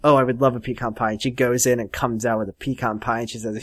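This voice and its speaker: A man's voice: medium pitch, little pitch movement, quick pace. A man co-hosting a podcast, chatting casually and jokily about a TV episode, laughing often and slipping into impressions. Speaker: podcast co-host. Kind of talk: casual comedic recap chat.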